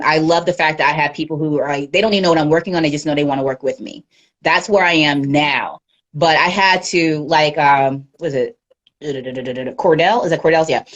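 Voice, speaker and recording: A woman speaking as a guest in a casual livestream interview, candid and animated, often laughing, on a phone or webcam mic. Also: low-pitched, muffled recording. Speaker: guest media professional.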